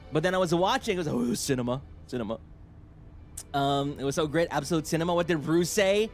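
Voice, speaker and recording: Young man, livestream chat, giddy, rambling, swings loud to soft, lively pitch. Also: quick pace, faint music behind. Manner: giddy, rambling, jumps between shouting and mumbling. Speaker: streamer. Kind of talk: excited casual livestream chat.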